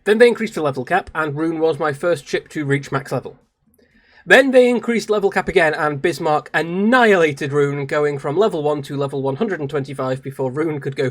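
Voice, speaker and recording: A British streamer chatting casually and self-mockingly during a live game stream, laughing often. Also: medium pitch. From Britain. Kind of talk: live game stream with read-aloud voices.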